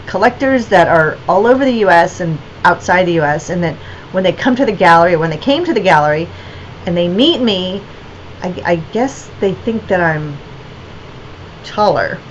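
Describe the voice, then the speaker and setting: A woman's voice: lowish voice, lively intonation, normal speed, dull audio. Brief: woman gallery owner, casual livestream chat, rambling and unscripted, slight noise behind. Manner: rambling, many fillers and restarts.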